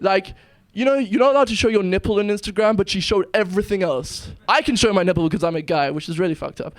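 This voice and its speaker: A man's voice: high voice, fast, no room sound. A young man in his twenties from South Africa, doing a nervous, self-deprecating stand-up comedy set. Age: 20s. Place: comedy club stage.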